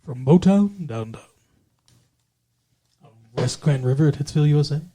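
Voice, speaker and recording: A man voicing a fast-talking male 1960s radio disc jockey counting down hits. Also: fairly high pitch, expressive, dark tone. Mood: hyped.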